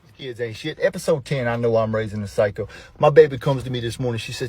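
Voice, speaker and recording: A man telling comic stories about his kids, animated and profane, with sudden loud outbursts. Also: mid-range voice, quick pace, slightly rough, dry recording. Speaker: storyteller, father of young kids. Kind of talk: comic storytelling with voiced quotes.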